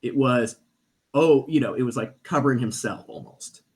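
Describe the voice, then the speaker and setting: A man's voice: medium pitch, moderate pace. A man, a guest on a podcast, telling a story in casual chat and acting out the voices of the people in it. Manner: animated, acts out quoted voices. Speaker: stage performer.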